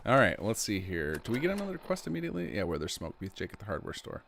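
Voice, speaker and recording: Game-stream host, man, chatty and laughing, gravelly low voice with a faint noise bed. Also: huge pitch swings, fast talker, fairly bright tone. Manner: chatty, laughs often, rambling asides. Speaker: streamer, mod developer. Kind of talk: casual game stream commentary.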